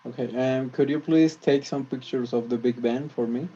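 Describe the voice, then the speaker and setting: A man learning English, practicing polite requests and often pausing to search for words. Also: medium pitch, steady tone, mellow, breathy edge, highs cut off. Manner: hesitant, restarts, searches for words. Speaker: English student.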